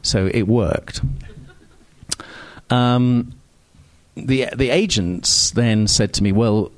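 A man's voice: mid-range voice, drawn-out words, no echo. Man rambling through anecdotes, self-mocking, lots of ums, dry close sound. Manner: rambling, self-deprecating, many ums and restarts. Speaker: novelist guest. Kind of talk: casual anecdotal interview talk.

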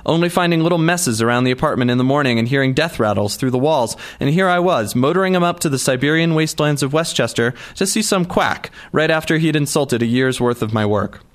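A male narrator reading a first-person story aloud in a wry, dry manner. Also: medium pitch. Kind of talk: audiobook narration.

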